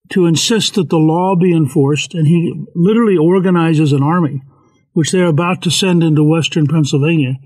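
A man's voice: on the high side, rough recording. A man telling a history story in casual talk, often quoting the historical figures he describes. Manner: animated, quotes historical figures in brief voices. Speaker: speaker on history.

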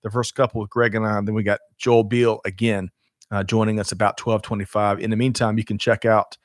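A man's voice: fairly low pitch, level tone, fairly quick, no echo, studio quality. A man co-hosting a livestreamed show in casual chat, upbeat and chatty, with frequent laughs and fillers. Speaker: co-host of a livestreamed supply chain show.

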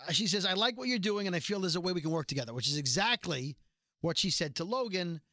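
Bright, dry-sounding man recapping a show. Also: high voice, quick pace, dry recording. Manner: recounts scenes, reads lines out flatly, swears. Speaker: podcast co-host. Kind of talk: casual TV episode recap.

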